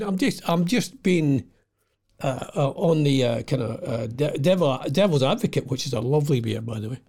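A man's voice: fairly high pitch, a little mellow. An older Scottish man chatting at home in a casual, digressive monologue, often losing his thread. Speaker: vlogger.

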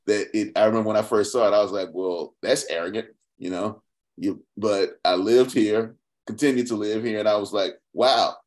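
A male podcast host with a fairly low voice talks through his ideas in a reflective interview. He is expressive and often restarts his sentences. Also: a little fast. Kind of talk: conversational interview.

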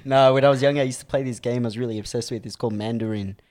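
A young man, co-hosting a podcast and telling stories in a playful, animated way. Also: medium pitch, racing. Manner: animated storyteller, playful, laughs often. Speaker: podcast co-host. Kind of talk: casual chat.

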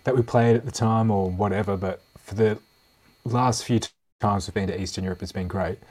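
A man with a low, husky voice talks loosely and easily as an interview guest. He rambles a little and laughs often. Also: steady tone, brisk, darkish tone. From Australia. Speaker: guitarist and producer, guest. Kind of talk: casual interview chat.

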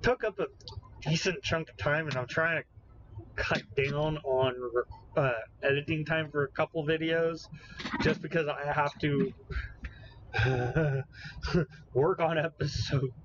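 A man co-hosting a casual podcast, excitable and prone to swearing and exclaiming in disbelief, on a slightly muffled recording with faint noise. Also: fairly high pitch, a little slow, long pauses. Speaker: podcast co-host. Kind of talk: casual chat.

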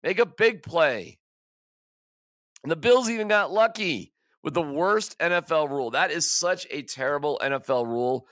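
Male podcast host, forceful bright tone, emphatic frustrated delivery. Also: on the high side, lively intonation, moderate pace, dry recording, clean studio sound. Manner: exasperated, emphatic, stammering restarts. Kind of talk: casual sports rant.

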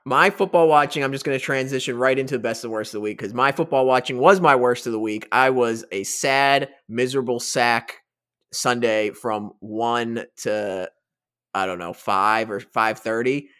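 A young man hosting a casual podcast, moving the talk from one topic to the next. He speaks plainly, with a voice of middle pitch. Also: normal speed, a bit bright, clean tone. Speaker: podcast host. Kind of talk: casual chat.

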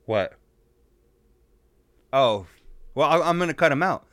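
A man's voice: medium pitch, animated, measured pace, fairly bright tone, no room sound, clean studio sound. A man in his thirties co-hosting a podcast, telling profane stories in casual chat. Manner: profane, storytelling, says "dog" a lot. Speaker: podcast co-host.

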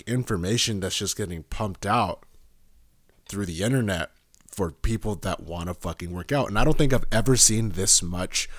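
Low-voiced man ranting casually. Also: no echo, studio quality. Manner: profane, rambling, animated, laughs often. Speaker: podcast host. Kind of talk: casual podcast chat.

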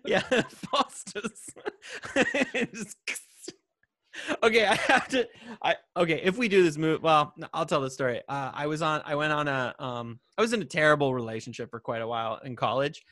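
A man's voice: a little high, moderate pace, bright, forceful tone, no room sound, clean studio sound. A man in his thirties co-hosting a casual movie chat, laughing often and retelling scenes with animation. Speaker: podcast co-host.

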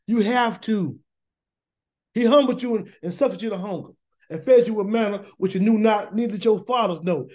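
Emphatic high-voiced male Bible teacher. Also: a little mellow. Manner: preachy, emphatic, repeats words and asks rhetorical questions; colloquial Southern-leaning speech with "y'all" and "gonna". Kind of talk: informal Torah study sermon.

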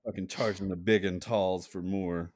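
Very low-voiced woman, blunt and joking. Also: steady tone, normal speed, a little mellow, slight background noise. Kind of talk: casual chat.

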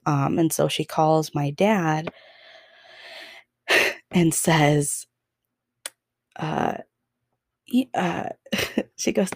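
A woman's voice: low voice, steady tone, drawn-out words, vocal fry, long pauses, no echo. A young woman hosting a podcast, telling a story in a casual, chatty way with lots of fillers and laughs. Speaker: podcast host.

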